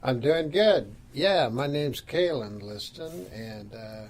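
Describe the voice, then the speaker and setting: Older man, halting and unhurried. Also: medium pitch, expressive. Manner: hesitant, many uh fillers, dry humor. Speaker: guest. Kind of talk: casual podcast chat.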